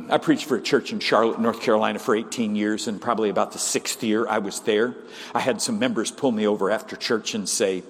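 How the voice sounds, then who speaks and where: A man preaching, telling a story in an animated way with frequent stammered restarts. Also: fairly low pitch, fairly quick. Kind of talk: storytelling sermon. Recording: long reverb of a large hall.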